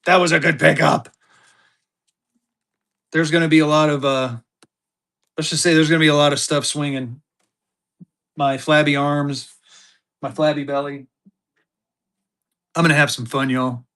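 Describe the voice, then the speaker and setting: Upbeat male livestream seller, slightly high voice, chatty and excited auction patter. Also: unhurried, creaky, pauses often. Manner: excited, chatty, talks straight to viewers. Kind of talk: live auction stream chat.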